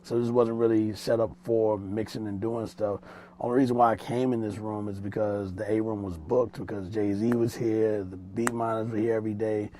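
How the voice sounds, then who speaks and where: A man's voice: lowish voice, level tone, moderate pace, mellow, a little hiss or hum. A man, a music producer and mix engineer, telling stories in a casual interview in a small studio room, loose and rambling, with street slang and restarts.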